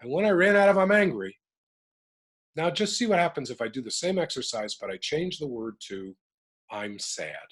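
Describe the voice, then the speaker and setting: Fairly high-pitched with a breathy edge, this middle-aged man from the United States talks fairly quickly. He's an interview guest, animated and emphatic, reflecting personally and working through his emotions out loud.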